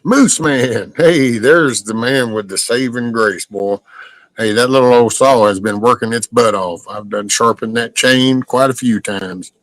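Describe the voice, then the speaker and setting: A man's voice: mid-range voice, measured pace, a bit bright, no echo, low-quality recording. Blunt folksy older man, dry sound. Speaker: live-stream host. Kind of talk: casual live-stream chat reading comments.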